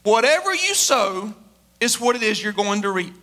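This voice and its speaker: A male pastor delivers an emphatic sermon from a church stage. His voice sits very high and rings bright and forceful. He drives home each point with rhetorical questions and repetition. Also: sing-song, normal speed.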